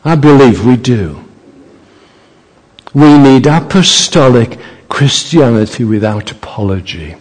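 A man preaching a sermon as a visiting speaker in a church, slow and emphatic, building to fervent climaxes. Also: medium pitch, lively intonation, darkish tone. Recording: reverberant church hall.

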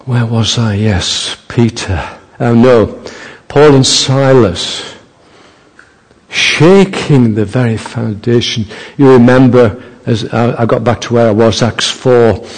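A man preaching a sermon as a visiting speaker in a church, slow and emphatic, building to fervent climaxes. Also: mid-range voice, darkish tone. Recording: reverberant church hall.

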